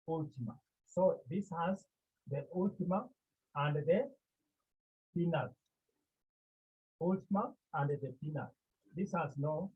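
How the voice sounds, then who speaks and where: A man from Cameroon leads a Greek class with a husky, slightly high voice. He speaks slowly and patiently, repeating each term and asking the students questions. The recording sounds muffled and narrow, like a phone line. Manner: slow and deliberate, repeats terms and quizzes the class. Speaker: Greek teacher. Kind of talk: classroom lecture.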